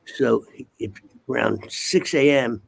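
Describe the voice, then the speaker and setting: A man's voice: medium pitch, slow, vocal fry. An older man, a guest, telling rambling, profane stories in casual talk and punctuating them with "okay?". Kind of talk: casual storytelling.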